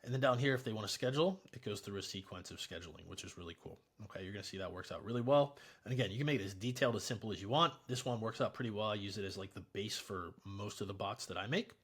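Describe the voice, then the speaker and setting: A man with a low, somewhat husky voice hosts a casual software tutorial. He talks in a relaxed, chatty way and explains each step with easy fillers. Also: fast talker, few pauses. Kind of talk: casual screen-recorded tutorial.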